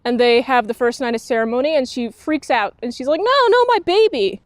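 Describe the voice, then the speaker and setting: A woman with a bright, high voice talks through a TV season in a casual, critical review. She is blunt and sarcastic and slips into quick quoted voices for the characters. The sound is dry, with no room echo.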